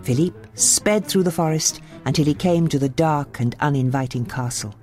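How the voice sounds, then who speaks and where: A woman reading a children's storybook aloud with expressive delivery, faint music behind. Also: deep voice, normal speed. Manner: expressive, animated.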